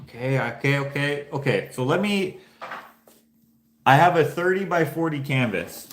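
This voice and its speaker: A man's voice: on the high side, lively intonation, a little slow. A man hosting a casual vlog, musing and thinking aloud in a loose, rambling way with many restarts. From Canada. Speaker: painter and channel host. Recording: echoey room.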